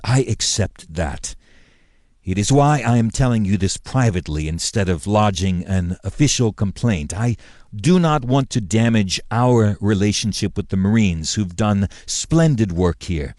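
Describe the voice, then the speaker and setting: A man voicing a formal, indignant male governor who speaks in a measured way with pointed emphasis. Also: fairly low pitch, expressive, a little mellow, no echo, clean studio sound.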